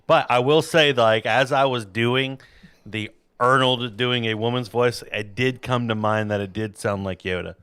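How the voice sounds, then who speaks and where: A man's voice: medium pitch, fairly even intonation, unhurried, a bit bright, clean tone, dry recording. A man hosting a podcast in casual chat, rambling and jokey with a self-deprecating streak. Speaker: podcast host.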